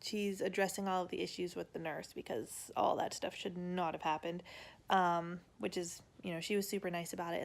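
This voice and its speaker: A woman's voice: mid-range voice, gravelly. A young woman chatting casually at home in her family vlog, rambling with fillers and little laughs. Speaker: vlogger mom.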